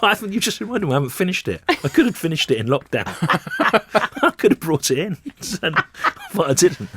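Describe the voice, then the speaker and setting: A man's voice: high voice, sing-song, fairly quick, fairly bright tone, a little hiss or hum. A man, a comedian, telling a rambling anecdote in casual chat and acting out what he said. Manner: rambling storyteller, acts out what he said. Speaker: comedian guest.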